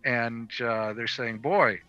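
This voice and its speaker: A man's voice: mid-range voice, moderate pace, sharp tone, highs cut off, faint music behind. A man rambling casually about a film over a call, with lots of fillers and restarts. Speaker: podcast guest reviewer. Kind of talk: casual film review chat. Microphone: video call.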